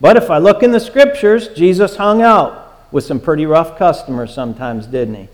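A man's voice: fairly high pitch, normal speed, big-room sound. A man preaching a sermon as pastor, earnest and emphatic, with many filler "uh"s.

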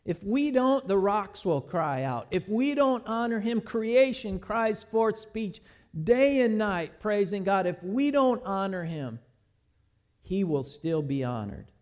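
A middle-aged man preaching a sermon, telling folksy stories and slowing down hard to stress his points. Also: high-pitched, big pitch swings, darkish tone. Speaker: pastor.

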